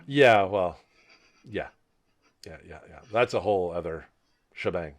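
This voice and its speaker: A man's voice: low voice, measured pace. A man co-hosting a podcast in casual chat, rambling and repeating words as he restarts, on a laptop mic. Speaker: podcast co-host.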